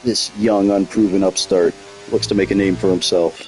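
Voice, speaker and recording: A man's voice: deep voice, level tone, moderate pace, a little mellow, soft background music. A man leading commentary on an online racing league, chatting with his co-commentator and joking about driver nicknames. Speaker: lead commentator.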